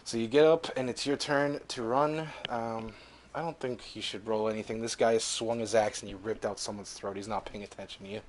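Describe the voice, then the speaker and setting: Young male game master with a low voice and a loose, profane, vivid style. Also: steady tone, a little fast, slight background noise. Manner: vivid, swearing freely, laughing between beats. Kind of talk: narrating a tabletop game.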